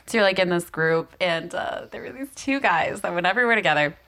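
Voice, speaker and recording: A woman's voice: on the low side, quick pace, vocal fry. A woman with a faded Southern US accent, chatting casually as a podcast co-host and laughing often as she tells stories. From American South. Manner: laughs often, animated storytelling. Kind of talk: casual chat.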